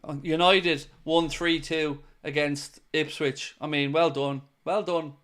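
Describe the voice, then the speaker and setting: A man's voice: fairly high pitch, steady tone, takes it slowly, a bit bright. A man hosting a live football watchalong, mixing play-by-play with joking chat to his viewers. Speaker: host.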